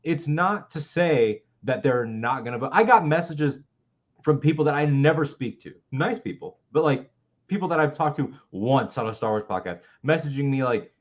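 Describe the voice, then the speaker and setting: A man's voice: mid-range voice, expressive, normal speed, lo-fi sound. A man in his twenties co-hosting a live political talk show, ranting with heated, profane passion. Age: 20s. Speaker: co-host.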